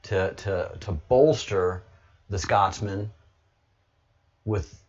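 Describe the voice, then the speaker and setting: A man talking casually on his livestream, rambling and now and then breaking into loud, excited bursts. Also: deep voice, extremely slow, highs cut off. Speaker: livestreamer, political commentator.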